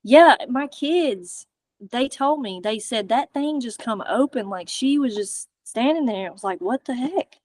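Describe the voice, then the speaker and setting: A woman guest chatting casually about a paranormal investigation, excitable, laughing often and trailing off mid-sentence. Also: on the high side, a little slow, no room sound. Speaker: guest, fellow paranormal channel creator. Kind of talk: casual chat.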